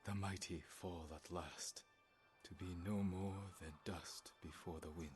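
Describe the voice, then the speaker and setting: A grave, steady samurai speaks calmly and solemnly. His voice sits very low, and faint game music plays behind him. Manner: calm, solemn, measured.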